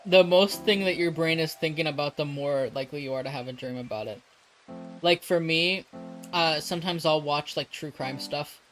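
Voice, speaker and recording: A streamer on a live broadcast talks at a mid pitch in a loose, rambling way, laughing often and swearing freely. Faint music plays underneath. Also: moderate pace, rough recording. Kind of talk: casual live-stream chat while drawing.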